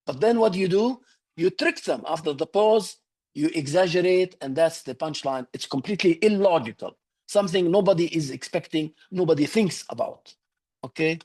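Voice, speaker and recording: Higher-voiced man coaching humor. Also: normal speed, a little mellow, breathy edge. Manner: instructive, repeats "okay?" to check understanding. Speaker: public speaking coach. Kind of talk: online speaking workshop lesson. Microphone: video call.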